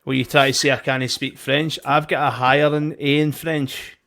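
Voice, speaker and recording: A man's voice: medium pitch, little pitch movement, moderate pace, vocal fry, fairly bright tone. A man with a Glaswegian accent, co-hosting a web show in casual banter and telling anecdotes with plenty of swearing. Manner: swearing, chatty storyteller.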